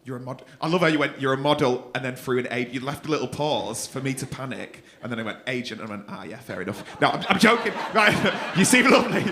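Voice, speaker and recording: A man's voice: mid-range voice, animated, fast talker, hardly any pauses, sharp tone. A man doing crowd work as a stand-up comedian in a club, teasing audience members with a cheeky, swearing manner. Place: comedy club stage before a laughing crowd. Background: audience laughter.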